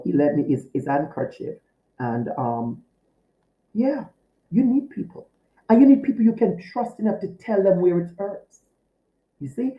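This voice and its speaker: A man's voice: on the high side, roomy sound, lo-fi sound. A male teacher speaking to his students in a recorded video lecture, heartfelt and direct, often repeating his key phrases. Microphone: recorded to camera for a video course.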